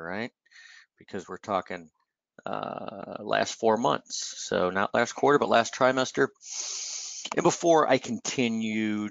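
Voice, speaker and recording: A man's voice: on the low side, vocal fry, a bit bright, no echo, muffled recording. A man hosting a live trading webinar, talking through charts in a loose, conversational way with lots of fillers and "right?" tags, and he has the hiccups. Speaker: webinar host, market analyst.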